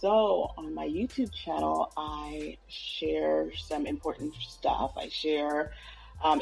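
A soft-spoken woman chats as a podcast guest. Her low voice has a gravelly fry, and she keeps her words quiet and restrained. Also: poor audio. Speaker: guest, YouTuber. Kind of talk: casual chat.

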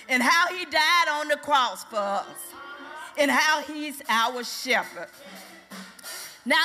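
An older woman preaches with fervor, her voice high and very bright. She builds to shouted praise. The sound rings in a hall, with faint music behind her. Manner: fervent, rising to shouted praise. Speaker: church speaker. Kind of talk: sermon.

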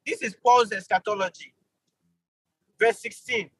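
A man teaching an online Bible study, animated, with sudden jumps in pitch for emphasis and quick apologetic asides. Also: slightly rough, no room sound, rough recording.

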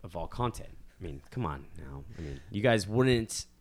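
A man's voice: deep voice, lively intonation, moderate pace. A young man co-hosting a casual podcast, rambling and swearing, joking about being bitter. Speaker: podcast co-host. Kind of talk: casual chat. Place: San Diego.

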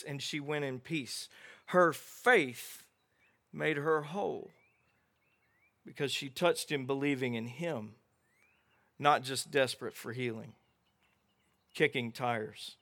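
A middle-aged man preaching a sermon as pastor, telling Bible stories with animated voices for the characters. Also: mid-range voice, slow, long pauses. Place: outdoor gathering without a building.

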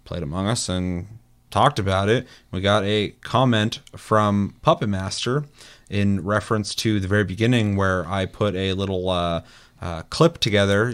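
Laid-back swearing man chatting with friends. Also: lowish voice. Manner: laughs at himself, swears, animated storytelling. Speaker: podcast host. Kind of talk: casual chat.

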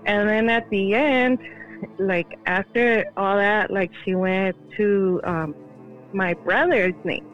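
A woman's voice: medium pitch, takes it slowly, highs cut off, faint music behind. A woman guest on a podcast telling a story in casual chat, full of "like" fillers. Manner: chatty, heavy use of "like" fillers.

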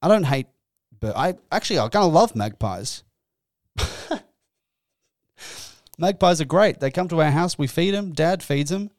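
A young man hosting a comedic podcast, telling a story in an animated, exasperated way and swearing freely. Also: fairly high pitch, unhurried, pauses often, no room sound, clean studio sound. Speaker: podcast host. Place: indoors.

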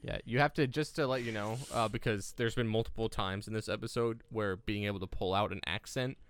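A man's voice: on the low side, steady tone, a little fast, slight background noise. A man co-hosting a casual podcast chat, rambling and hesitant, often trailing off and starting over. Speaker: podcast co-host.

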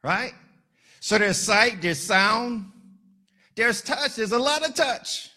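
A man preaching a lively sermon in a church, his voice high and ringing bright. He jokes with the congregation, slows down for emphasis and then bursts into shouts. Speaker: pastor.

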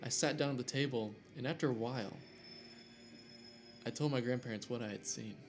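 A man's voice: medium pitch, brisk. A man casually reading a scary story aloud, cracking jokes and tripping over names, with faint music behind. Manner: reads aloud with jokey asides and stumbles over names.

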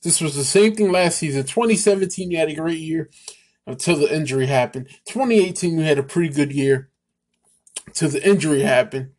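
A man's voice: a little high, brisk, a little mellow. A man hosting a sports show, ranting with sarcasm and exasperation about a quarterback. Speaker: sports podcast host.

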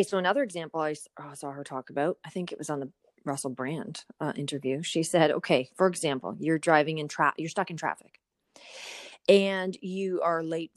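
Woman, 30s, co-host, casual chat, low pitch, dry recording. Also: fairly quick, no room sound. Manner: animated storytelling, acts out inner voices. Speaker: podcast co-host.

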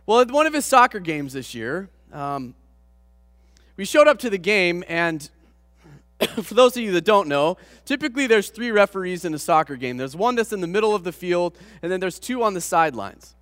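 A man preaching, a pastor telling a personal story to his congregation with animated, self-deprecating humor. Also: high-pitched, normal speed, dry recording, big-room sound, soft background music. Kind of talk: storytelling sermon.

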